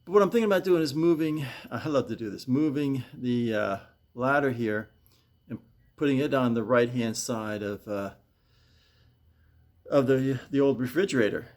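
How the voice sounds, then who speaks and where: A man's voice: moderate pace, a little mellow, no echo. An older man vlogging while weeding his yard outdoors, rambling and repeating himself, sighing and a bit winded. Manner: coaxing high calls to his pet. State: getting winded. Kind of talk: casual vlog chat.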